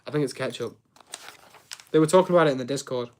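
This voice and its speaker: A man's voice: mid-range voice, fast talker, darkish tone. A young man chatting casually on a live stream while he builds, rambling, reacting to chat and tripping over his words.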